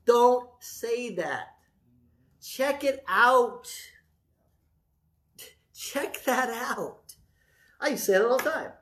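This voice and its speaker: Animated conversational preacher man. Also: very high-pitched, drawn-out words, pauses often. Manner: animated, conversational, asks the audience questions. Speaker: pastor. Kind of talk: sermon.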